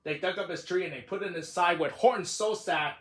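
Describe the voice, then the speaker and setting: A man's voice: high voice, brisk, fairly bright tone. A man reading a rhyming picture book aloud with a sing-song delivery. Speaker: reader.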